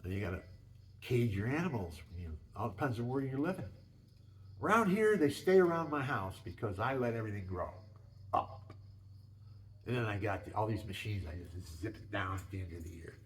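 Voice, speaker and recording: An older man who makes home videos tells casual, rambling stories about his home and pets, full of restarts and folksy asides. His voice is on the low side, with lively intonation and a fairly quick pace.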